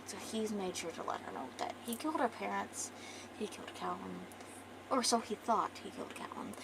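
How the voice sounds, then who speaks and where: A woman's voice: medium pitch, moderate pace, vocal fry, in a whisper, rough recording. A young woman streamer casually retelling her comic's story, rambling with profane joking asides. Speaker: artist and streamer.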